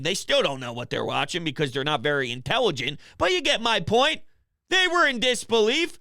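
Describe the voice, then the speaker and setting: Male call-in sports host, high gravelly voice, dejected and low-key, dry home office sound. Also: expressive, normal speed, bright, forceful tone, dry recording. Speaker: sports talk show host. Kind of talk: call-in sports talk show.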